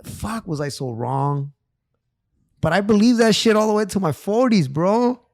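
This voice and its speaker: A man's voice: high voice, expressive, unhurried, dry recording, clean studio sound. A middle-aged man, a therapist talking as a podcast guest, speaking emphatically in street slang with frequent swearing and restarts. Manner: repeats himself, many restarts. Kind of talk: casual podcast conversation.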